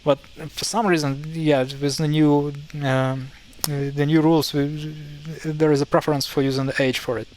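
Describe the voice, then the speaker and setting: Ukrainian-accented male tutor, slightly high voice, hesitant, self-correcting, casual. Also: level tone, darkish tone, slight background noise, low-quality recording. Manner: halting, self-correcting, thinks aloud. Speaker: language teacher. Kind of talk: casual explainer.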